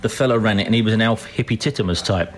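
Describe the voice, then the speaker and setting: A man's voice: fairly low pitch, rapid-fire. A man hosting breakfast radio, chatting and joking with callers and laughing easily. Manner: lively, jokey, laughing banter. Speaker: radio host.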